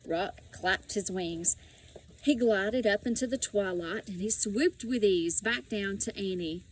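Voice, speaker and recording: A woman reading a children's storybook aloud in a slow, expressive way. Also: medium pitch, a little hiss or hum, rough recording. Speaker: audiobook reader.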